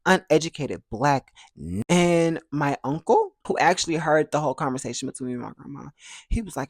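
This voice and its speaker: A young man tells a personal storytime for his vlog. He is lively and jumps into playful voices for the people in his story. He is recorded close to the mic in a dry room with no echo. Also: fairly high pitch, a little fast. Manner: animated, acts out other people's dialogue in playful voices. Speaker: vlogger.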